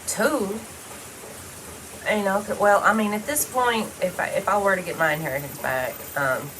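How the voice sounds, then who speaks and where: Woman, casual monologue, blunt, heavy swearing, rambling, medium pitch, faint background noise. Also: normal speed, a bit bright, rough recording. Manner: blunt and heavily profane, loose rambling talk. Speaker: vlogger.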